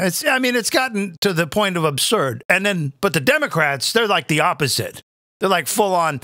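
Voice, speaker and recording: Comedian guy ranting, high voice jumping all over, bright and dry, swears a lot. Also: sing-song, moderate pace, no room sound. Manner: crude, exasperated, sarcastic. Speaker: comedian host. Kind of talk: live comedic rant.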